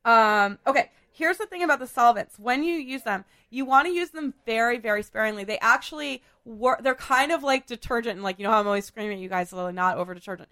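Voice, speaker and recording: Hoarse chatty woman. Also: on the high side, a little fast, few pauses, bright, forceful tone. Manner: chatty, filler-heavy, laughs often. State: hoarse from a cold. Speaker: podcast host. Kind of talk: casual chat.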